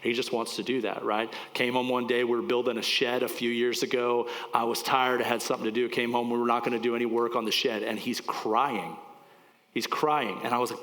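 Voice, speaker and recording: A pastor in his forties talks a little fast with little pitch movement, his medium-pitched voice fairly bright. His sermon is loose, rambling teaching, occasionally choked with emotion, and the church hall rings with long reverb.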